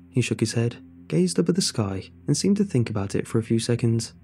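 A man's voice: mid-range voice, big pitch swings, a little fast, hardly any pauses, dark tone, faint music behind. A man narrating a first-person horror story in a scripted storytelling style.

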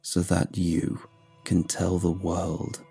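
A man's voice: low-pitched, monotone, takes it slowly, creaky, warm tone, soft background music, full character voice. A man doing a menacing ancient shapeshifter. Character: menacing ancient shapeshifter posing as male hermit.

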